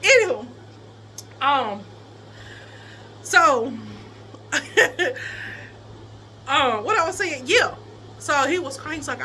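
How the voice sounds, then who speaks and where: Young woman, bright high voice, lively casual storyteller, laughs a lot. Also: moderate pace, pauses often, a little hiss or hum. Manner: animated, laughing often, quoting others.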